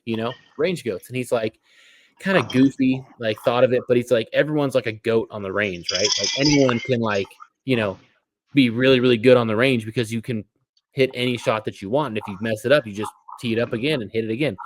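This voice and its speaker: A man's voice: medium pitch, a little fast, background noise. A man co-hosting a casual podcast, chatting loosely and rambling with fillers. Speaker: podcast co-host. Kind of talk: casual chat.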